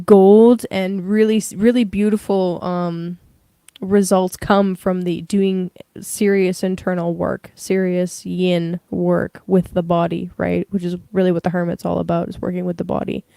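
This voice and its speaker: A woman's voice: fairly low pitch, level tone, a little slow, creaky, warm tone, smooth, dry recording. A young woman giving a casual livestream tarot reading, rambling with many fillers. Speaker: tarot reader.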